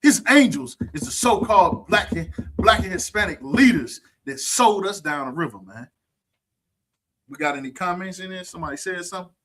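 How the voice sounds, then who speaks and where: A husky-voiced man leads an online scripture lesson, preaching with a mocking edge. He keeps checking in with his listeners, asking whether they understand. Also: high voice, expressive, moderate pace, fairly bright tone. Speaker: scripture teacher.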